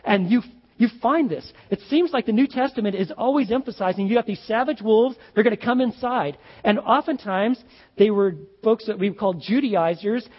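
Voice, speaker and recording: A male pastor delivers a sermon in a relaxed but emphatic way, often turning aside to talk straight to his listeners. His voice sits high and a little husky. The sound is dull and lo-fi, with a long reverb trailing off the walls of a large hall. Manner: conversational, emphatic preaching with asides.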